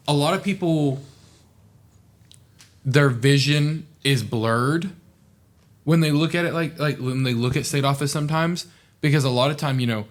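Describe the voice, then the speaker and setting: A young man, a podcast guest talking in an earnest, heartfelt, rambling way full of "like". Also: medium pitch. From southeast Oklahoma. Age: young adult. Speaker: podcast guest, former student officer. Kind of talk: casual podcast interview.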